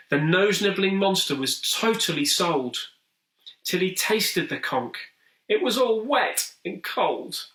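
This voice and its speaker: A man's voice: high voice, lively intonation, slow pace, fairly bright tone. A man reading a rhyming children's story in a sing-song, rhythmic way. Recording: roomy echo, distant mic.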